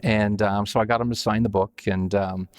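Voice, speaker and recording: A man's voice: lowish voice, fairly even intonation, moderate pace. A man, a company founder, telling an anecdote in a casual interview, rambling with many fillers and restarts. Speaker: company founder and CEO guest.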